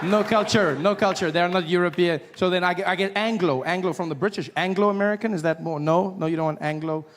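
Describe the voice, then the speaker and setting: A man performing a stand-up comedy set in a live venue, playful and acting out characters with sudden shouted outbursts. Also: high voice, quick pace, hardly any pauses, slight background noise. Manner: playful, acts out characters with loud shouted bits.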